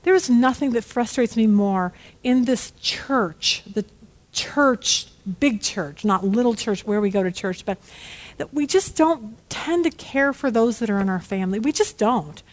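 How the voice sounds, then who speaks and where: A middle-aged woman teaching a Bible study in a candid, casual way. Her voice sits a little high, and she is lively and frank. She keeps checking in with her listeners by asking "okay?". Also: a little slow. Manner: candid and animated, peppered with "okay?".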